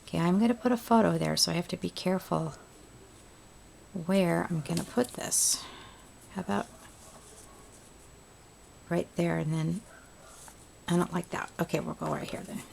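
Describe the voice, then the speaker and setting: A woman's voice: on the low side, moderate pace, gravelly, pauses often, darkish tone, a little hiss or hum. A woman hosting a home craft tutorial, chatting casually and thinking aloud as she works. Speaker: crafting video host.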